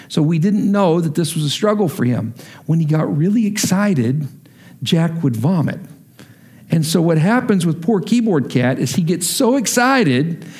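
A male pastor from Texas delivers a sermon as an animated story, slipping into the voices of his family as he goes. His voice sits a little higher than most men's.

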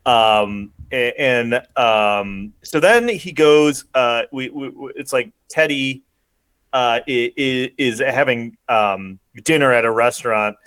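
A man in a casual podcast chat, recapping a film scene by scene in a loose, rambling way, dotted with "like" and "um." His voice sits at an ordinary middle pitch, and the sound is dry and close. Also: slow pace, a bit bright, smooth, dry recording. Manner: rambling, many fillers, laughs while retelling. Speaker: podcast co-host.

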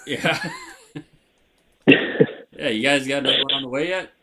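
A man's voice: mid-range voice, unhurried, a crowd in the background, poor audio. A man co-hosting a podcast, teasing his friends and chiming in with laughing asides. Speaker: podcast co-host. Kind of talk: casual chat.

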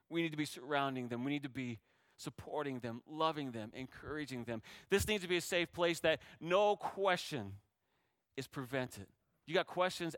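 A man preaching a sermon as pastor, moving between hushed, tender lines and loud, rising exhortation, sounding emotional and close to tears. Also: mid-range voice, clear, resonant tone, no room sound.

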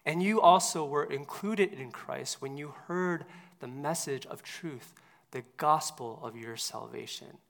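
A man preaching a sermon in a casual, conversational way with many fillers. He drops to a hushed near-whisper and then builds up to loud, emphatic points. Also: a little high, a little slow, creaky. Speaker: pastor.

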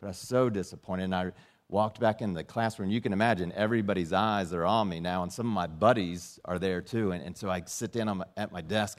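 A man's voice: steady tone, fast talker. A middle-aged man preaching a sermon, telling a personal story and acting out the dialogue in it. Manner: storytelling, acts out dialogue with rising and dropping pitch. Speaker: pastor.

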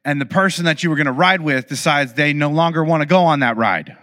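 Bright-voiced man telling a story. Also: fairly high pitch, fast talker. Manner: animated, acts out quoted dialogue; humorous, confiding asides. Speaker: speaker addressing an audience. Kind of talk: conversational storytelling talk.

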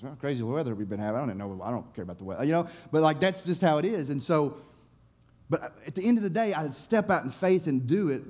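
Animated man telling a sermon story. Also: fairly high pitch. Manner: animated, excitable storyteller with many restarts. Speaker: youth pastor, evangelist.

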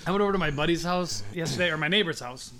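Male podcast co-host with a high voice, crude and jokey storyteller. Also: very fast, bright, forceful tone, a little hiss or hum. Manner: profane, laughing storyteller who acts out other people. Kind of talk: casual chat.

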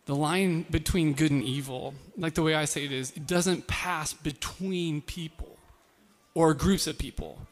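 Guy preaching super casually, lots of ums and likes, voice pitched a bit high, echoey hall. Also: a little slow. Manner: informal, self-deprecating, frequent fillers and restarts. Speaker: pastor. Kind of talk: casual conversational sermon.

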